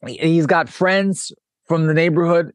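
A man's voice: fairly high pitch, measured pace, dry recording, studio quality. A man, a documentary director, telling a story as an interview guest and acting out the lines of the people in it. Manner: animated, acts out quoted dialogue, frequent restarts.

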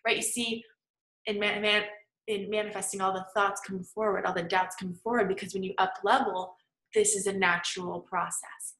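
A woman's voice: mid-range voice, steady tone, normal speed, fairly bright tone. A woman manifesting coach teaching in a casual, chatty way, tagging her points with "right?" and "okay?". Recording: echoey room.

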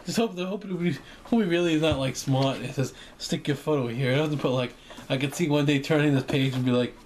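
A man's voice: fairly high pitch, fairly quick, darkish tone. Rambling young man, faint hiss. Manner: rambling, jokey, acts out imagined exchanges. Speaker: vlogger. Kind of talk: casual rambling monologue. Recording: faint background noise.

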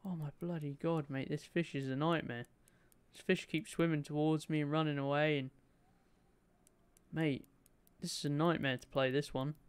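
A young man streaming a game, commentating excitedly and chatting to his viewers. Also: fairly high pitch, moderate pace, smooth. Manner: excitable, chatty, talks to his chat, swears lightly. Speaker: gaming streamer.

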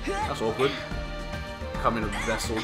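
A man's voice: medium pitch, fairly even intonation, moderate pace, over music. A man co-hosting a let's play, swearing and joking through casual gaming banter. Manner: profane, joking.

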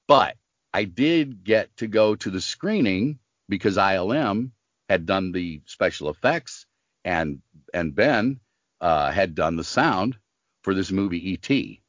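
Older guy, low smoker's voice, telling stories and doing the voices, dry dull audio. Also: slow, dry recording. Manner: animated storyteller acting out quoted voices. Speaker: voice actor guest. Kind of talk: casual storytelling interview.

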